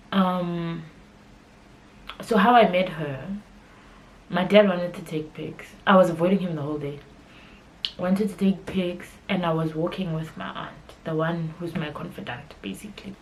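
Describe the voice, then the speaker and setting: A woman's voice: lowish voice, low-quality recording. A young woman hosting her podcast, telling a personal story in a candid, conversational way. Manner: candid and conversational, emotional at times. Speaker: podcast host.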